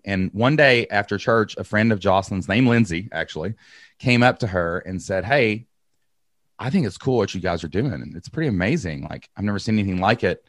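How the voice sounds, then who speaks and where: A man, telling energetic stories in an interview and acting out quotes. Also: low-pitched, no room sound, studio quality. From Kentucky. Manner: energetic, repeats words, acts out quotes. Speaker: podcast host and guest. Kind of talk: animated storytelling interview.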